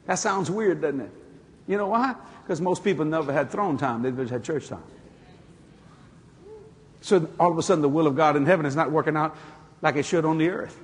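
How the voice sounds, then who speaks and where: A man's voice: a little high, a little fast, pauses often, slightly rough. A man with a Cajun accent preaching a folksy sermon, acting out dialogue as he goes. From Louisiana. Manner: folksy, animated, acts out dialogue. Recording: long hall reverb, faint noise.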